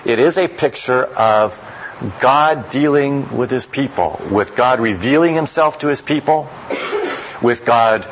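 A man preaching a sermon who reads scripture aloud and then explains it in a measured, reflective way. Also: mid-range voice, slight background noise, rough recording.

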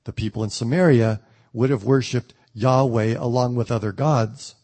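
A man teaching the Bible verse by verse, reading a passage aloud and then explaining it in plain words, with the odd pause and restart. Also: medium pitch, fairly even intonation, a little mellow. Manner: thoughtful, with occasional ums and restarts.

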